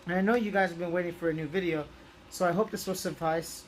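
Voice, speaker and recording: A man's voice: sits high, steady tone, fast talker, slight background noise. A young man chatting casually through a toy review, rambling with lots of ums and restarts.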